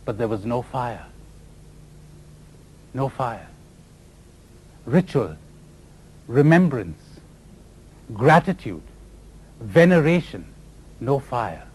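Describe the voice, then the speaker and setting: A man's voice: medium pitch, big pitch swings, drawn-out words, pauses often, breathy edge, poor audio. A man from India, giving a spiritual lecture full of stories and laughing at his own jokes. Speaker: spiritual teacher.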